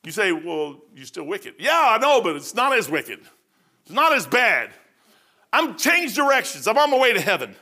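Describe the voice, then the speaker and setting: A man's voice: very high-pitched, big pitch swings, moderate pace, bright, forceful tone. A middle-aged man from Kentucky giving a folksy, conversational sermon, often saying "man". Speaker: preacher. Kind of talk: informal sermon.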